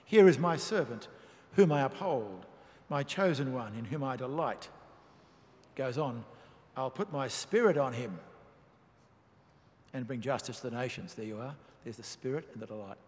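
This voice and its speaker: A man preaching a sermon, reading and explaining scripture in a measured, emphatic way. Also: mid-range voice, lively intonation. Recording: long reverb of a large hall.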